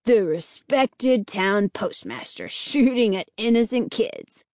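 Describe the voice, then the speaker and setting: A woman voicing a mischievous, mocking boy with a high, teasing voice. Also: lively intonation, takes it slowly, darkish tone, no room sound, studio quality.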